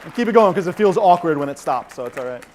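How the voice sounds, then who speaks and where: In a big conference hall packed with a few thousand audience members, a fairly high-voiced male mentalist leads a participatory stage show at a fast clip. Energetic and in charge, he playfully ribs the crowd while directing them, with slight background noise present.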